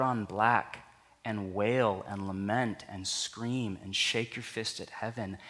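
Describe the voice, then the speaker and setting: A man's voice: on the low side, fairly even intonation, slow pace, fairly bright tone. A man preaching a sermon in an earnest, conversational way, his voice rising for emphasis. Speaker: pastor. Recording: long reverb of a large hall.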